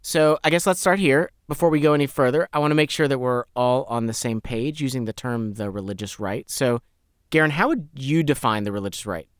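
A man hosting a podcast, narrating a story in a measured, explanatory way. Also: mid-range voice, smooth, no room sound, studio quality. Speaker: podcast host.

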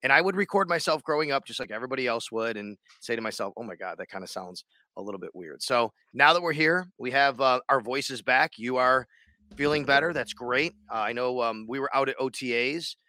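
A man's voice: mid-range voice, a little fast, pushed and bright, no room sound, studio quality. A man co-hosting a sports podcast in casual chat, rambling and restarting his sentences. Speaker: radio sports show co-host.

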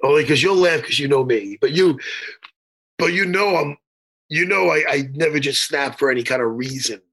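A man's voice: on the high side, moderate pace, fairly bright tone. A middle-aged man telling a profane, rambling story in casual chat, stammering through restarts and bursting into laughter.

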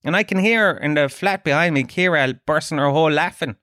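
A man's voice: on the high side, a little fast, few pauses, a bit bright, no echo, clean studio sound. A middle-aged Irish man from Dublin hosting a podcast, telling self-mocking comic stories full of swearing. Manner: sweary, self-mocking storytelling with put-on voices. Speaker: podcast host. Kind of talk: comic monologue.

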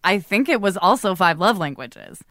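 A woman's voice: medium pitch, moderate pace, dry recording, clean studio sound. A woman co-hosting a podcast, chatting casually and acting out remembered quotes. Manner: animated, acts out quotes. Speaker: podcast co-host. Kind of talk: casual chat.

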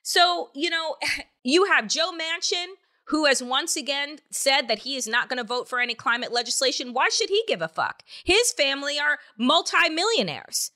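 A woman's voice: high-pitched, lively intonation, normal speed, pushed and bright. Fired-up woman podcast host. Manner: angry, emphatic, rhetorical questions. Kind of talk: opinionated political commentary with profanity.

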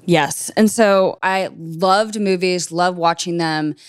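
A woman documentary filmmaker from Minnesota, raised in New Jersey and New York, telling stories in a lively way and laughing easily during an interview. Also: on the low side, takes it slowly, clean tone, no room sound, clean studio sound. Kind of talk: casual interview conversation.

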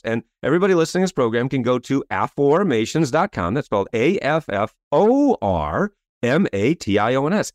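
A man's voice: medium pitch, no echo, studio quality. A man, a coach and author, telling a story as an interview guest, acting out quotes and asking "right?" again and again. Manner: lively, acts out quotes, frequent "right?".

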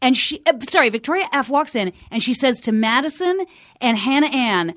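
A woman recounting a moment from a show in casual podcast chat. Her voice is high and lively, and the recording is dry and close. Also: no echo. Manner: storytelling, quick and amused.

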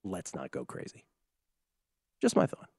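A man's voice: measured pace, warm tone, no echo, clean studio sound. A man hosting sports talk radio, wry and mock-incredulous as he banters with his co-host.

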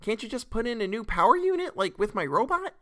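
A curious small girl in a storybook reading, asking in a high, piping voice. A man plays her, lifting his voice well above his own. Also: big pitch swings, quick pace, pushed and bright, heavily acted. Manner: piping and inquisitive.

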